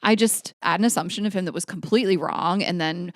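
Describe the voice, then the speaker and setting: A woman co-hosting a chat podcast, her voice sitting a little low. She tells stories candidly and acts out her own past thoughts. The mic is close and dry. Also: fast, no echo. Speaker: podcast co-host.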